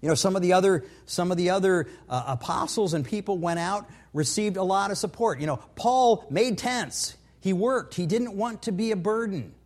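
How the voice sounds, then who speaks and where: A man's voice: high-pitched, expressive, normal speed, hardly any pauses, darkish tone. A middle-aged man preaching a sermon in an earnest, conversational way, with personal stories. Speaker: pastor.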